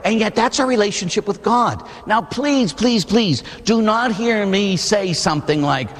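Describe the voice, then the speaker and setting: A middle-aged man, a Catholic priest, preaching a sermon in an animated storytelling way, often tossing in rhetorical asides. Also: sits high, unhurried. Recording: long hall reverb.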